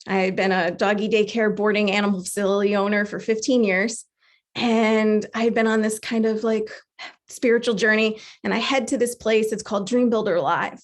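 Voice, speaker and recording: Woman in her 40s telling her story, kinda high voice, acts out the voices in her head. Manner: animated storyteller acting out her own inner voices. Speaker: speaker sharing a personal story. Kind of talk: storytelling talk.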